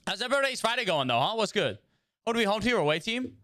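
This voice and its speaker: A man's voice: high-pitched, very animated, racing, fairly bright tone, dry recording, studio quality. Chatty young man streaming a game. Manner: rambling, chatty, greets and answers viewers. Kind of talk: casual livestream chat while gaming.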